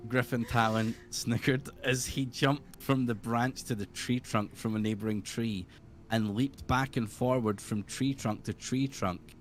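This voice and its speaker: A man's voice: mid-range voice, fairly even intonation, a little slow, a little hiss or hum. A young man amusedly reading aloud his own old role-play narration, chuckling as he goes.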